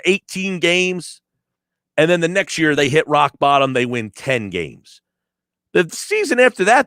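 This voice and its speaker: A man's voice: high-pitched, a bit bright, no echo, clean studio sound. A man hosting sports talk radio, ranting emphatically and sarcastically and mocking callers' complaints. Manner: emphatic, sarcastic, rants with mock quotes. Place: radio studio. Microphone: studio microphone.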